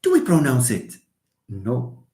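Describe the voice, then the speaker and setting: A man giving a live online English lesson, hesitant with many fillers and restarts, lively when stressing examples. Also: mid-range voice, slow pace. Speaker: English lecturer. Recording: echoey room.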